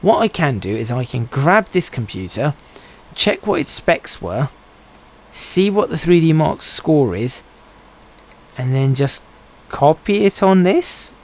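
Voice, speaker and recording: A man's voice: fairly high pitch, sing-song, slow, a little mellow, poor audio. A man streaming a game, giving casual commentary and musing aloud to himself as he plays. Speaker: gaming streamer.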